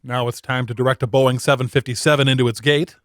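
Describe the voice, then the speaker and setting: A man's voice: mid-range voice, steady tone, fast, fairly bright tone, no room sound. A man riffing over a movie with mock announcer-style pronouncements, as a comedy riffer.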